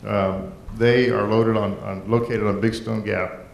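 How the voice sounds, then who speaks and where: A man's voice: fairly low pitch, little pitch movement, a little slow, creaky, slight background noise. Folksy man in an echoey chamber. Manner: folksy, rambling, with restarts. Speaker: mayor presenting a proclamation. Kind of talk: council meeting remarks. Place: council chamber.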